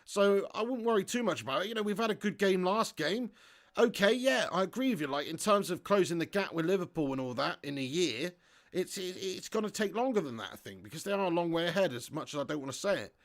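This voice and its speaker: A man hosting a live football watch-along, reading viewer chat aloud, swearing freely and bursting into shouts at big moments. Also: sits high, expressive, fast talker. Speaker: fan channel host. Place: home setup in front of a green screen.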